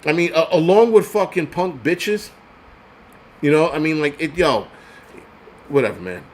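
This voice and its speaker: A man's voice: fairly high pitch, lively intonation, moderate pace. A man hosting a livestream, ranting in an angry, profane, heated way and stumbling over repeated words when worked up. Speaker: host of a prepping channel. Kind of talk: livestream rant.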